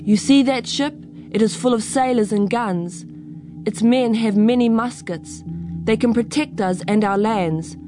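Woman reading as a calm peace-seeking chief. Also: a little high, unhurried, close to an everyday voice. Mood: earnest. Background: music.

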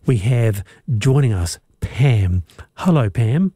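A man hosting a radio talk show, lively and quick to laugh, speaking into a studio mic. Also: medium pitch, breathy edge, no room sound. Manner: lively, laughing, repeats words. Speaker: radio host.

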